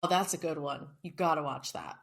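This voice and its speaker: A woman's voice: low-pitched, fairly quick, gravelly, a bit bright. A woman co-hosting a casual book podcast, chatty and self-mocking, swearing now and then. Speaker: podcast co-host. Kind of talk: casual chat.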